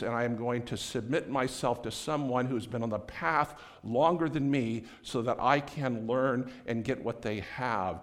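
A man preaching a sermon in a conversational way, acting out the people in the story and often restarting his sentences. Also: medium pitch. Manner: conversational, acts out quoted voices, many restarts. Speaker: pastor.

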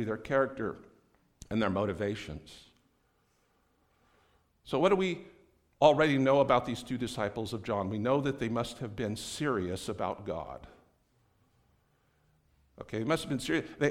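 A man preaching a sermon in a conversational way, acting out the people in the story and often restarting his sentences. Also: medium pitch. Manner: conversational, acts out quoted voices, many restarts. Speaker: pastor.

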